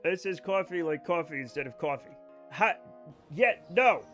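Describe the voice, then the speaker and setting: A man's voice: on the high side, normal speed, faint music behind. A young man streaming a space flight game, chatting with his viewers, swearing freely and ranting in mock anger. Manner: animated, answers chat, swears freely, mock-angry rants. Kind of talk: casual live-stream commentary.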